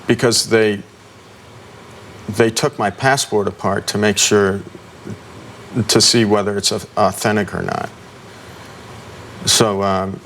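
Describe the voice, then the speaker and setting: A middle-aged man, a guest in an interview, recounting an ordeal in a halting way with many ums and restarts. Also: fairly low pitch, a bit bright, slight background noise.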